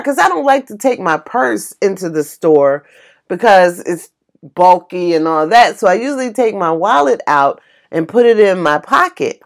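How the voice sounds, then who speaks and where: A woman's voice: mid-range voice, moderate pace. A woman casually telling a personal story with emotion, exclaiming and acting out what people said. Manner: animated, exclaiming, acts out quoted voices; emotional, tearful retelling.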